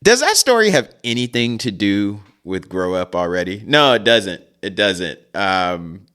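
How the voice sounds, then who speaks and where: A man's voice: fairly low pitch, big pitch swings, a little slow, fairly bright tone, clear, resonant tone. A man in his forties hosting a podcast, telling a rambling story in casual chat with chuckles and side remarks into a podcast mic. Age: 40s. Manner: rambling, chuckling, frequent asides. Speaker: podcast host.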